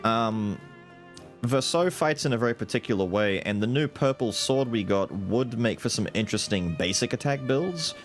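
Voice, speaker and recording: A young male streamer talks casually over his gameplay, rambling and cracking jokes. His voice swings widely in pitch as he gets animated. Game music plays clearly in the background. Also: normal speed. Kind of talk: casual live gameplay commentary.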